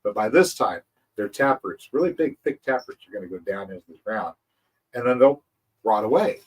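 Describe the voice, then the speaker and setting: A man's voice: fairly low pitch, expressive, normal speed, husky, far from the mic, rough recording. A man hosting a farming channel, explaining his methods in a rambling casual way, repeating words and chuckling. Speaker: agroforestry channel host.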